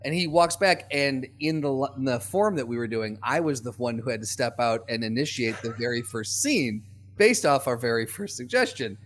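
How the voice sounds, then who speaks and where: A man co-hosting a podcast, telling a self-deprecating story in a casual, halting way. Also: medium pitch, animated, fairly bright tone, slight background noise. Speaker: podcast co-host.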